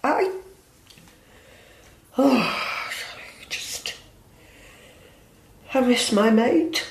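A woman's voice: a little high, lively intonation, drawn-out words, gravelly, background noise, full character voice. A woman acting a blunt, wounded working-class friend, speaking emotionally in slangy everyday talk. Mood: aggrieved. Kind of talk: audio drama acting. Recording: roomy echo.

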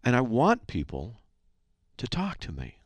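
A man's voice: medium pitch, huge pitch swings, unhurried, breathy edge, no room sound. A man hosting a call-in radio show, teaching scripture in an emphatic, conversational preaching manner.

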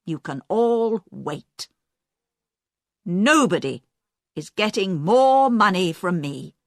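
A woman reading a storybook part, voicing a stubborn woman of fifty who talks bluntly and slowly. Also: mid-range voice, a bit bright, no room sound, clean studio sound, heavily acted. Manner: blunt, complaining, slow and emphatic.

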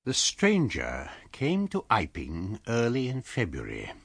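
A man with a low, slightly husky voice tells a classic tale in measured storytelling. His pitch rises and falls with lively expression, and the sound is close and dry, like a studio radio reading. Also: no echo. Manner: measured storytelling, voicing characters lightly. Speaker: audiobook reader.

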